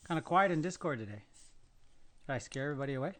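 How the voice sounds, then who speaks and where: A man's voice: a little high, animated, very fast, a bit bright. Muttering man with the hiccups. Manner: mutters to himself, frustrated and cursing. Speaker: day trader streaming his trades. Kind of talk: live trading commentary.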